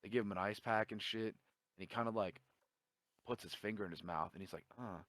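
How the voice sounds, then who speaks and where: A man's voice: lowish voice, fairly quick, dry recording. A man telling a long story in casual chat, swearing a lot and acting out the dialogue. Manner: profane, animated storytelling with quoted dialogue.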